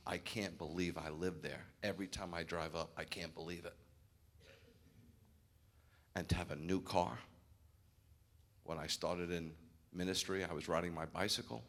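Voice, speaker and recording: Very deep-voiced preaching rabbi. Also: male voice, pushed and bright. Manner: candid, conversational preaching with storytelling and acted quotes. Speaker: rabbi, pastor of the congregation. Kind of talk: informal sermon.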